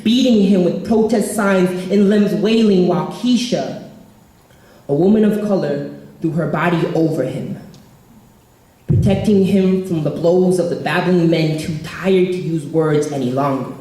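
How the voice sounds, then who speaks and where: Spoken word poet in an echoey hall. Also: male voice, high-pitched, warm tone. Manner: rhythmic, emphatic delivery. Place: event hall.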